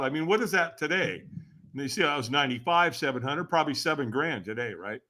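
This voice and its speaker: A man as a podcast guest, telling a personal story in a casual, animated way, laughing often and acting out what others said. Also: a little high, a little fast. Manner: animated, laughs often, acts out quoted voices.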